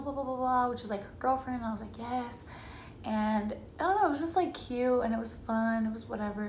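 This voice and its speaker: Young woman vlogger, slightly high voice, chatty storytelling, echoey room with faint hum. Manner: chatty, says "like" a lot, quotes herself and family in lively voices. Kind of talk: casual storytelling to camera.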